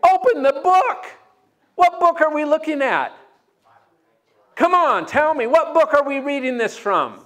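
A man preaching a sermon as pastor, energetic and joking, breaking into loud shouts. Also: very high voice, measured pace.

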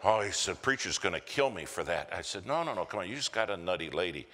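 A man's voice: low-pitched, sing-song, quick pace, bright, forceful tone. An American man preaching a sermon, telling a story and acting out the voices of the people in it. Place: church sanctuary. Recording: church hall reverb.

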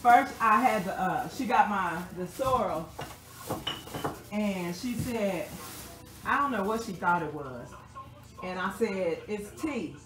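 A woman retelling a story to a friend in a sarcastic, animated, profane way. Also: mid-range voice, takes it slowly, pauses often, over music. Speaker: vlogger. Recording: roomy, distant mic.

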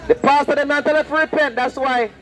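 Male street preacher, high pitched, loud and confrontational, preaching outdoors. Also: steady tone, fast, a faint crowd, rough recording. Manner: loud, confrontational, repeats his lines. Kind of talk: open-air street preaching.

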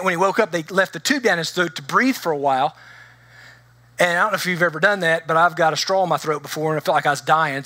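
A middle-aged man preaching a sermon as pastor, telling stories in an animated way and acting out the voices of the people in them. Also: fairly high pitch, no room sound. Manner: animated storytelling with acted-out voices.

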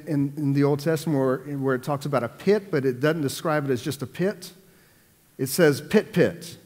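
A man preaching a sermon, repeating words for emphasis and swinging between loud, raised lines and hushed ones. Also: mid-range voice, big-room sound. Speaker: pastor.

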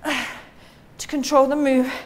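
Woman fitness coach, high voice, cues and counts mid-workout, slightly breathless, faint background hiss. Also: level tone, takes it slowly. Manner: counts reps and cues moves while exercising. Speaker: fitness instructor. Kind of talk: coaching while working out.

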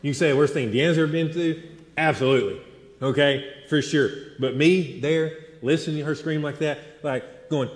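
A man in his thirties preaching a sermon, telling stories with animated swings between loud and hushed delivery. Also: fairly high pitch, moderate pace. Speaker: pastor. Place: large church sanctuary. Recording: echoey hall with long reverb.

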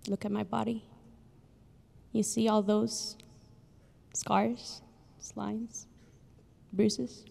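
A woman voicing a small, humble male snail in a story, speaking quietly and earnestly with long hall reverb. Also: medium pitch, flat delivery, very slow, vocal fry, pauses often, full character voice.

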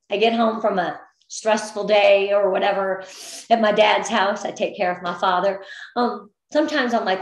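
A woman's voice: mid-range voice, moderate pace. A middle-aged woman giving upbeat, encouraging motivational business training to her sales team, now and then getting emotional. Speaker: direct sales team leader. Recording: echoey room.

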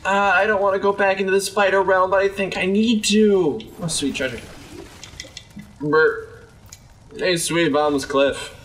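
A man's voice: moderate pace, recorded from a distance. A young man giving joking let's play commentary, chatting to game characters as he plays. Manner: jokey, talks to game characters, lively swings in pitch. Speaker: gaming video host.

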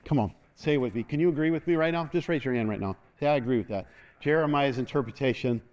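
A man's voice: mid-range voice, fast talker, darkish tone. An older man preaching a sermon as pastor, folksy and joking, leading the congregation in call-and-response.

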